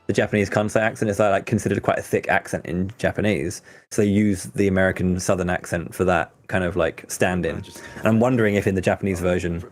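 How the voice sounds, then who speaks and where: A man's voice: deep voice, fairly even intonation, quick pace, soft background music. A man hosting a gameplay stream, chatting casually and rambling through thoughts with fillers and restarts. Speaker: host.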